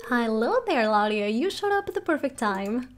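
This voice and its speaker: An older, chatty small-town mayor from a farming game, explaining things in a folksy way, read aloud by a woman. The voice sits a little high, and soft music plays behind it. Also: sing-song, moderate pace. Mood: cheerful.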